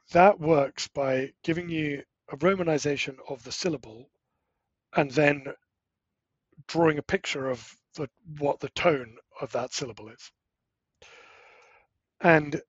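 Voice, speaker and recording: A middle-aged man speaking as an interview guest. He explains animatedly, with quick asides and self-corrections. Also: medium pitch, husky, no room sound, dull audio. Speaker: guest, language-learning startup co-founder. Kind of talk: casual explanatory interview talk.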